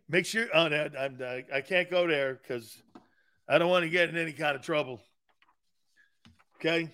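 A man's voice: high voice, vocal fry. A male sports talk show host bantering with live chat, teasing and sarcastic, laughing often and repeating himself. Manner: animated, repeats words and restarts.

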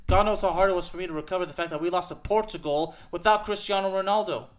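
An American man with a high voice hosts a podcast, talking fast through a fired-up soccer rant. He's emphatic and repetitive, peppering his commentary with frequent "okay?"s.

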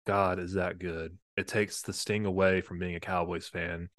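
A low, flat male voice, fairly bright and echo-free, keeps a moderate pace. He's a young podcast co-host, slightly drunk, joking and rambling through a casual conversation heavy on fillers.

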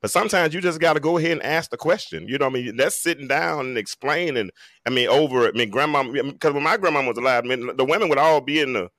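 A man's voice: mid-range voice, fast, fairly bright tone, no room sound. A man in his forties speaking on a talk show panel, emphatic and preacherly, with folksy jokes. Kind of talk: animated panel discussion.

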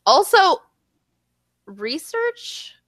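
A woman in casual chat, animated and blunt, swearing freely. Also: extremely high pitch, extremely slow, no room sound, clean studio sound.

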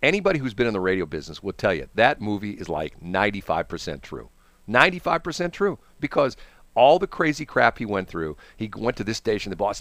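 Lively St. radio host, man. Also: on the low side, fast, no room sound. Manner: rambling, acts out quotes in put-on voices. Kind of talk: casual on-air banter. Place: radio studio.

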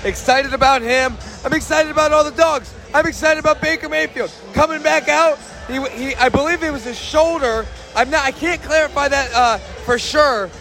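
A man hosting his own fan sports show live from the stands of an outdoor football stadium, talking in a hyped, shouty, rambling way and losing his voice. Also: very high-pitched, normal speed, few pauses, soft background music. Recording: loud stadium crowd and noise.

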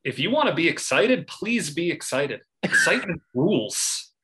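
A man's voice: fairly high pitch, big pitch swings, normal speed, bright, forceful tone, low-quality recording. A man hosting a sports podcast, talking casually and analytically about a college football season, with wry asides and laughs.

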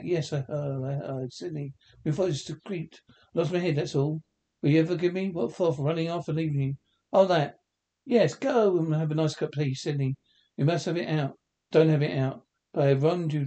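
A man reading a film script aloud, voicing every part himself in quick back-and-forth exchanges. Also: on the high side, warm tone.

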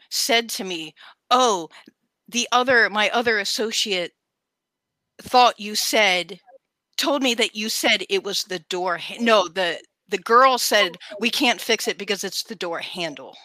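A woman co-hosting a casual podcast chat, telling an animated story and acting out quotes in a high voice. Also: a little slow, no room sound. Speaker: podcast co-host.

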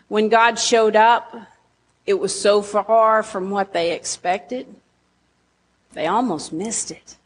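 A woman pastor, preaching a sermon in a conversational way and teasing her congregation with asides. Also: fairly high pitch.

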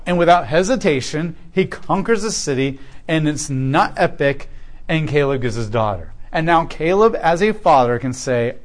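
A man teaching through a Bible passage verse by verse, animated and emphatic, acting out quotes and repeating key points. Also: fairly high pitch.

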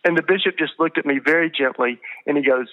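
A man's voice: a little high, fast talker, narrow, tinny audio. A man being interviewed on a podcast, telling stories in an earnest, emotional way with many fillers and restarts. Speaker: guest. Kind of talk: storytelling interview talk.

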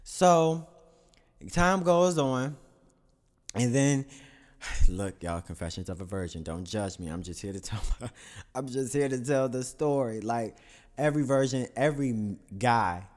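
Using a mid-range voice, a man rambles through a crude, candid confessional tale for his listeners, stopping to correct himself and chuckling at himself.

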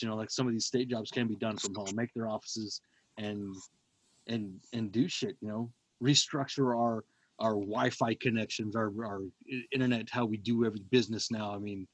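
A man hosting a casual podcast chat, rambling with lots of fillers and sudden loud bursts. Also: medium pitch, breathy edge, dry recording. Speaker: podcast host.

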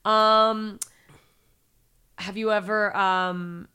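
A woman interviewing a guest in casual chat. Her voice is bright and clear, with a crisp edge. She laughs easily and slips into little acted quotes. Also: mid-range voice, fairly even intonation, very slow. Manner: chatty, laughs often, acts out quotes. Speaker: podcast host.

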